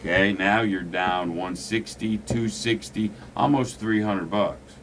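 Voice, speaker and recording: A man's voice: fairly low pitch, fairly even intonation, slow pace, fairly bright tone, a little hiss or hum. A man teaching a casual craps lesson, blunt and preachy, swearing freely. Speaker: gambling instructor.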